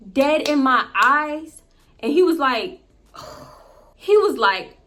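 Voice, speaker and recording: A woman with a fairly high voice tells a story in a casual, animated way. She is blunt and swears freely as the story goes on. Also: takes it slowly, long pauses. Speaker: storytime channel host.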